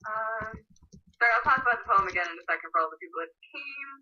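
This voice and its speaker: A woman's voice: fairly high pitch, expressive, quick pace, bright, forceful tone. A woman in her late teens chatting casually on a livestream, reading viewers' questions aloud and giggling as she answers. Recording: muffled, slightly distant livestream audio.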